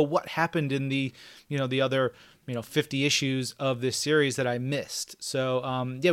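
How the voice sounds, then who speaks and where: A man co-hosting a podcast, chatting casually and enthusiastically about comics and games. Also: mid-range voice. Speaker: podcast co-host.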